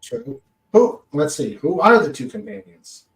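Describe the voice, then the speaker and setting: Slow-talking man with a high voice. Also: sing-song, creaky, rough recording. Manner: slow, chuckling, trails off into mutters. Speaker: podcast co-host. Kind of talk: casual chat, reading listener comments.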